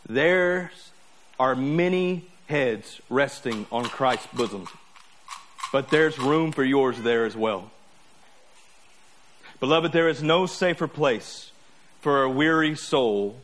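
A man preaching a sermon as pastor, earnest and measured, building his points through repetition. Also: a little high, fairly bright tone.

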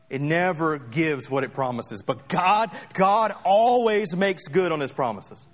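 High-voiced man preaching a sermon. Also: lively intonation, unhurried, hardly any pauses. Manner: earnest preaching with emphatic repetition and light asides. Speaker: pastor.

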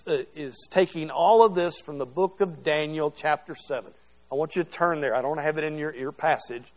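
His voice is fairly high yet darkish in tone. The middle-aged man is teaching a group Bible class in a classroom or church hall, keeping it interactive and conversational and asking "okay?" as he goes.

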